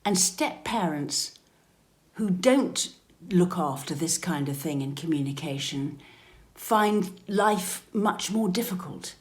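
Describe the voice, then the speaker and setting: A British woman coaching step-parents in a calm, measured, gently instructive advice talk. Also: fairly low pitch.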